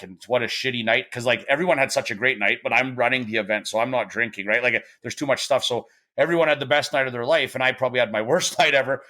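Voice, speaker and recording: A man's voice: mid-range voice, pushed and bright. A middle-aged man telling stories in casual podcast talk, rambling with frequent restarts and fillers, and acting out the voices of people he quotes. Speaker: podcast guest. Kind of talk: casual storytelling.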